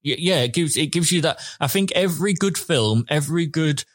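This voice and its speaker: A man's voice: on the high side, lively intonation, brisk, dry recording, clean studio sound. A man co-hosting a podcast, chatting casually with rambling, hesitant phrasing. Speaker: podcast co-host. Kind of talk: casual chat, reviewing a series.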